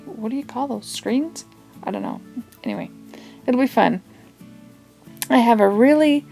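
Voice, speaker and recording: A woman talks through a craft project in a loose, chatty way, drifting into asides and small laughs. Her voice has a gravelly fry to it, and faint guitar music plays softly behind her. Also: medium pitch. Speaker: craft tutorial host. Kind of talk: casual craft tutorial.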